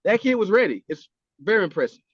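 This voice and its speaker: A man with a fairly high voice talks casually on a podcast, animated and full of swearing. He acts out little quoted exchanges as he goes. The recording is dry and a little muffled. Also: fast, husky, no room sound. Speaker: podcast co-host. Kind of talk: casual chat.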